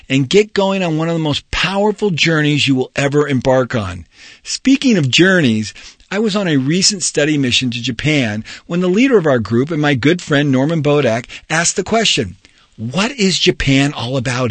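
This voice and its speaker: A man's voice: fairly high pitch, no room sound. Earnest man reading his own book. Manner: earnest, emphatic, motivational. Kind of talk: audiobook narration.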